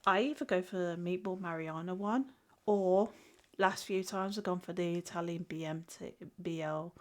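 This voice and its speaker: Young woman streaming, bunged-up nose from a cold, giggly, a bit low-pitched. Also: normal speed. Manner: chatty, giggly, answers chat, frequent restarts. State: stuffy-nosed from a cold. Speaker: streamer and artist. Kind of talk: casual live-stream chat while drawing.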